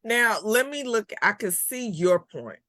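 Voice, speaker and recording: A woman's voice: fairly high pitch, expressive, measured pace, sharp tone, no room sound. A middle-aged woman hosting a casual talk show, chatting in a conversational way and pushing back on her guest's points. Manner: conversational, plays devil's advocate. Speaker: podcast host.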